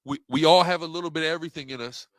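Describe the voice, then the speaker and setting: Bright, emphatic man arguing over slides. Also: a little high, very fast, no room sound, clean studio sound. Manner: rhetorical, repeats questions, emphatic. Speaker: religious debater presenting slides. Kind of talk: impassioned monologue.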